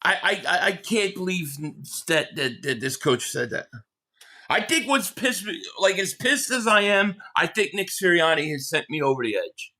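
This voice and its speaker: A man hosting a live game reaction stream, ranting in frustration, stammering and shouting at plays. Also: high-pitched, very animated, normal speed.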